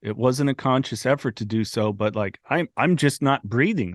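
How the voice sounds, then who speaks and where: A man of medium pitch hosts a podcast interview. His voice is close and dry, with no room sound, and his questions are easygoing and curious. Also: a little slow, dry recording. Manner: relaxed, curious, laughs at himself. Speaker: podcast host. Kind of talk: conversational interview.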